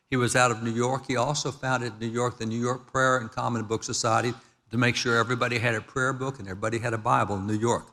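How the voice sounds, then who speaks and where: Older man, public speech, bright forceful tone, long hall reverb. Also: mid-range voice. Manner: quick, emphatic lecturing, reads quotes aloud. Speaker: historical speaker at a gala. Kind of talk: speech with slides. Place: large event hall.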